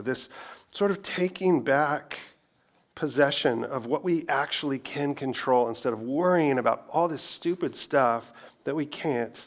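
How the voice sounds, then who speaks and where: A man's voice: medium pitch, measured pace. A middle-aged man preaching a sermon as pastor, in a conversational way, full of rhetorical questions and self-deprecating asides.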